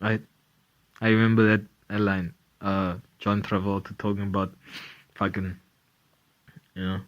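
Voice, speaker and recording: A man's voice: lowish voice, level tone, measured pace, dull audio. A man hosting a casual comedy podcast, rambling and profane, with lots of fillers. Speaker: podcast host.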